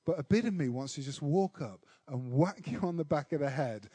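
A man preaches, weaving a self-mocking story into his sermon with lively, animated delivery. His voice sits high for a man, and the recording is dry and close with no room echo. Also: a little fast, slightly rough.

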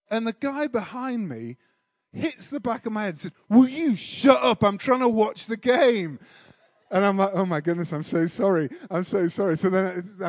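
A man's voice: high voice, darkish tone, no echo. A man preaching a sermon, telling a self-deprecating personal story with humour before turning to worship.

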